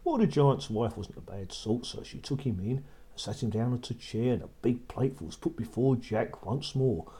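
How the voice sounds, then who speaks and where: A man's voice: mid-range voice, expressive, moderate pace, warm tone. A man narrating a children's story in a repetitive storybook manner. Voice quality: husky.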